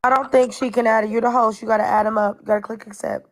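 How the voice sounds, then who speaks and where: A woman's voice: fairly high pitch, flat delivery, fast. A woman on a livestream giving the host direct, instructive pointers.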